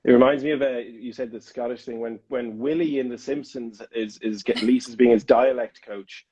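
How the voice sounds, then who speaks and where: A man's voice: medium pitch, fairly even intonation, normal speed, muffled recording, crowd noise. A man hosting a casual interview chat, rambling and playful with many restarts. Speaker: podcast host. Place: Amsterdam.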